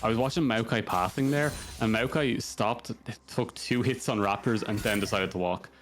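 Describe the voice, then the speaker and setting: A man's voice: on the low side, moderate pace. A man casting a live esports match, rattling off play-by-play with rambling asides. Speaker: esports caster. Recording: music playing underneath.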